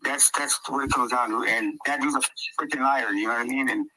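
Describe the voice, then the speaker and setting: A man's voice: mid-range voice, fairly quick, a crowd in the background. A man in casual podcast chat who talks emphatically and repeats himself for effect. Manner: repetitive, emphatic, drops into mocking quoted voices. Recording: noisy recording.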